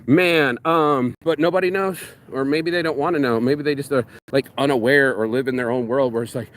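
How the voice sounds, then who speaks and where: A man's voice: on the high side, animated, brisk. A man vlogging outdoors in a park, ranting bluntly and profanely in a casual monologue.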